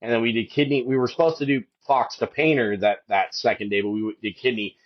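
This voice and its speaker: A man's voice: fairly even intonation, a little fast. Earnest middle-aged man, lo-fi sound. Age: 50s. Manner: rambling, with many restarts, and raises his voice high to quote his wife. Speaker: podcast guest, hiker. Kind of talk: emotional storytelling in a podcast interview.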